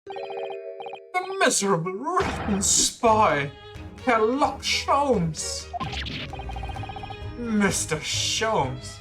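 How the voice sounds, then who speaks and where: A streamer voicing an excitable, breathy young male novelist from a game, gushing and theatrical. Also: medium pitch, over music, pitched above the performer's own voice. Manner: gushing, theatrical, drawn-out emphasis. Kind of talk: voicing game dialogue on a livestream.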